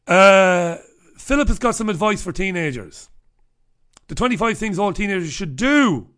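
A middle-aged Irish radio host with a high, fairly bright voice rambles through a checklist in a casual comic monologue. His humor is irreverent and profane, and he swears freely.

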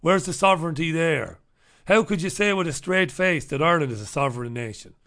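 A man's voice: fairly high pitch, animated, fairly quick, a bit bright. A man hosting a talk show, delivering a sarcastic, combative monologue and reviewing the papers, swearing freely. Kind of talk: ranting monologue and newspaper review.

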